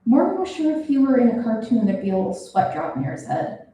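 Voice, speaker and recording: A young woman reading her own fiction aloud at a reading event, expressive and animated. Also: on the high side, fast, slight background noise. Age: young adult. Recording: roomy, from a distance.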